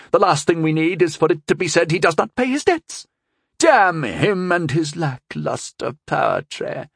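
A man's voice: on the high side, vocal fry, breathy edge, dry recording, clean studio sound, pitched above the performer's own voice, heavily acted. A man voicing a furious, scheming middle-aged noblewoman who shrieks and scolds, in an audiobook reading. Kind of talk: audiobook character voice.

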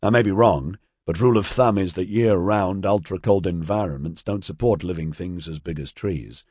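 A man's voice: deep voice, normal speed, slightly rough, no echo, clean studio sound. A man voicing a practical young man on a freezing trek, reasoning things out matter-of-factly. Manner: calm, reasoning, matter-of-fact.

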